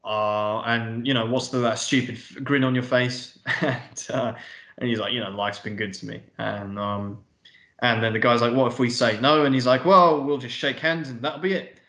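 A man co-hosting a film review podcast, talking casually and excitedly, swearing and acting out scenes. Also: medium pitch, normal speed, echoey room. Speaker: podcast co-host.

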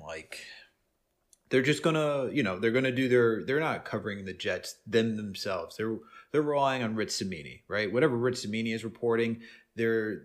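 A man co-hosting a podcast in casual sports chat. He talks in an animated way and often says "man" and "bro". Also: lowish voice. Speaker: podcast co-host.

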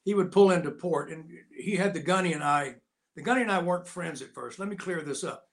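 An older American man spins long service stories as an interview guest, his voice sitting a little high for a man. He acts out the people he quotes with quick shifts in tone. His delivery stays loose, casual and conversational. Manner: animated anecdotes with voiced quotes. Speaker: interview guest, actor and Navy veteran. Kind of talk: casual storytelling.

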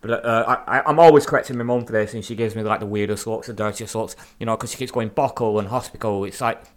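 A man with a Lancashire accent co-hosting a podcast in relaxed, joking casual chat, swearing casually. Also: fairly low pitch, fast talker. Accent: Lancashire English. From Lancashire, England. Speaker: podcast co-host.

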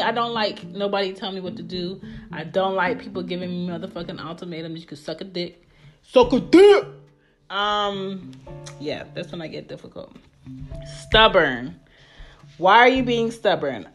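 A woman giving a candid monologue, blunt and heavily profane, laughing now and then between points. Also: on the low side. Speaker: vlogger. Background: guitar music.

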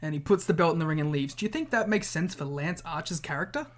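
A man co-hosts a casual podcast chat, talking bluntly and with plenty of swearing. He argues his points by acting out little scenarios, speeding up and slowing down as he goes. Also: on the high side, animated. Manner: blunt, profane, acts out scenarios. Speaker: podcast co-host.

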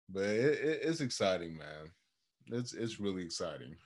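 A young man co-hosting a podcast in casual chat, animated and dropping into quoted voices as he tells stories. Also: lowish voice, moderate pace. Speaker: podcast co-host.

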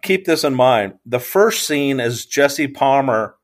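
A man's voice: mid-range voice, expressive, takes it slowly. A man co-hosting a podcast, recapping a TV show in a rambling, hesitant way full of ums. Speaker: podcast co-host. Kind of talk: casual chat recap.

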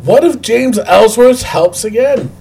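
A man co-hosting a casual wrestling podcast, animated and jokey, laughing often. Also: very high-pitched, a little slow, gravelly, breathy edge, low-quality recording. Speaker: podcast co-host.

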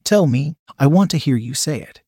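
A man's voice: a little high, expressive, moderate pace, a little mellow, slightly rough, no echo, clean studio sound. A man voicing a smug, condescending man who teases. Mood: teasing. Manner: condescending, teasing. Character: smug teasing dominant man.

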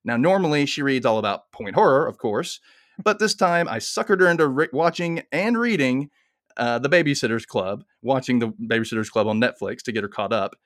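Male podcast host, upbeat and chatty, laughs a lot, mid pitch. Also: animated, brisk, a bit bright. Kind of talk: casual podcast chat.

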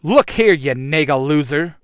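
A man's voice: fairly high pitch, lively intonation, unhurried, no room sound, clean studio sound. A man doing a brash cocky young hero.

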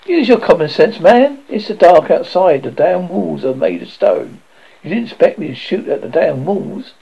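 A man voicing a loud, blunt, blustering old male wizard who heads a university, speaking in brusque bursts. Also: high-pitched, very animated, unhurried, creaky, slightly rough, dull audio, exaggerated voice.

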